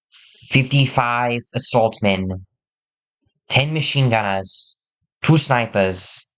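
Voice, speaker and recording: A man giving casual, rambling commentary over his war strategy gameplay, often restarting his sentences. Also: on the low side. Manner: rambling, self-correcting, upbeat. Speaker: gaming video host. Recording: loud game music and explosions behind.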